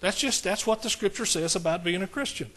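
A middle-aged man with an East Texas accent preaching a conversational sermon in a church, folksy and plain-spoken, calling for amens and rising higher and louder on the points he stresses. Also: a little fast. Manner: folksy, calls for amens, rises high and loud on emphatic points. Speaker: pastor.

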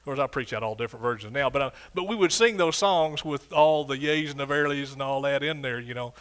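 An older man, the pastor, preaches an exuberant sermon in a church sanctuary, breaking into hallelujahs and whoops. His medium-pitched, fairly bright voice sings scripture in a slow, drawn-out manner.

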